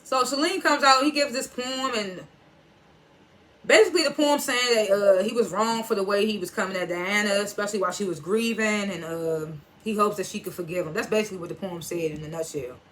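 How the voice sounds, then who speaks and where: A woman's voice: mid-range voice, brisk, fairly bright tone. A woman giving a casual, blunt TV episode recap, laughing often and adding loose asides. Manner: laughs often while retelling scenes; blunt and profane. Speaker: TV episode reviewer.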